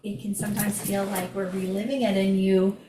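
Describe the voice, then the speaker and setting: A woman's voice: medium pitch, level tone, brisk, warm tone, a little hiss or hum. A woman hosting an interview podcast, responding supportively to her guest. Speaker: podcast host. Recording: echoey room.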